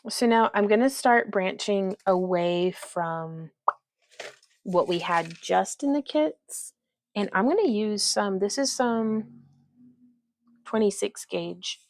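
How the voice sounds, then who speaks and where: Lady crafting on a livestream, gravelly voice, real dry close sound, chatty. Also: medium pitch, takes it slowly, no echo. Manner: chatty, reads viewer comments aloud, talks to her dog. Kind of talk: casual crafting livestream chat.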